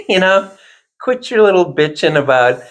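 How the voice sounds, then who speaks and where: A man's voice: high voice, sing-song, a little slow, fairly bright tone. A man telling a long, rambling personal anecdote in casual chat, with self-deprecating asides.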